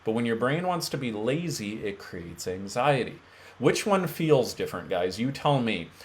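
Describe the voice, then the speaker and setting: A man's voice: mid-range voice, big pitch swings, moderate pace. A man speaking as a mental health coach, talking bluntly and emphatically straight to his viewers. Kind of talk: direct-to-camera coaching talk.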